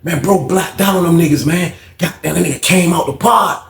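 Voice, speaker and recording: Brief: a lively man from Virginia telling a story, high voice, echoey room. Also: a little fast, gravelly. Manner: animated, profane, acts out other people. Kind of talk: casual storytelling. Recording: roomy echo.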